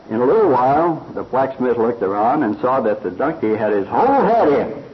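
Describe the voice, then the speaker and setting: A man preaching a sermon slowly and earnestly, retelling a fable with quoted voices. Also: medium pitch. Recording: dull lo-fi recording.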